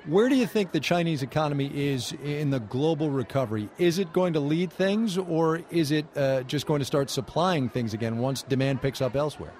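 A man hosting a radio news interview, asking brisk conversational questions of two reporters on location. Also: a little high, a little mellow, a little hiss or hum. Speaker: news host.

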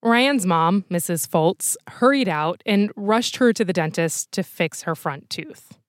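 A woman hosting a podcast, telling a true story in scripted documentary narration with a measured storytelling manner. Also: fairly low pitch, expressive, no echo, studio quality.

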